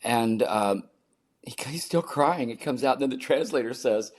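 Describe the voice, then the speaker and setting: A man's voice: medium pitch, normal speed, a little mellow. Earnest older man telling a story. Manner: earnest, repeats key phrases for emphasis. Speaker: podcast guest. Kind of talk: personal storytelling in an interview.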